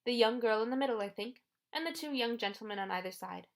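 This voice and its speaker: A woman's voice: a little high, expressive, quick pace. A woman voicing a monstrous old woman in an audiobook, speaking in a soothing, coaxing purr. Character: Medusa, ancient female monster posing as a sweet old lady. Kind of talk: audiobook character voice.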